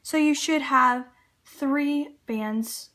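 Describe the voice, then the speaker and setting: A woman's voice: high-pitched, very slow, bright, forceful tone. A woman with a Canadian accent, chatting casually as she talks viewers through a loom craft step by step. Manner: chatty, talks while working with hands, little laughs. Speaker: loom tutorial host. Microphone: camera on tripod at table.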